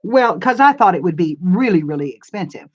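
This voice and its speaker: Recorded on a camera mic with the highs cut off, this is an older woman running a crafts channel and answering comments from viewers during a live stream. She talks a little fast in a voice on the low side, sounding animated as she rambles in a cozy, homey manner.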